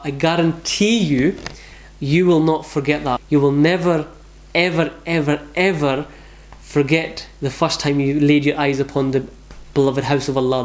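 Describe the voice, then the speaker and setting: A man giving earnest, devout pilgrimage advice in a casual vlog, repeating himself as he talks. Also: a little high. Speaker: vlogger giving travel advice. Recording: echoey room.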